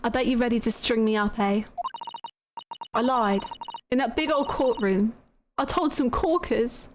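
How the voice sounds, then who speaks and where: A woman's voice: fairly high pitch, background noise, lightly acted. A woman voicing a streetwise young working-class woman from the East End in a video game, speaking plainly and defiantly, with game music behind. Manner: plain-spoken, defiant, slow. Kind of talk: reading game dialogue aloud.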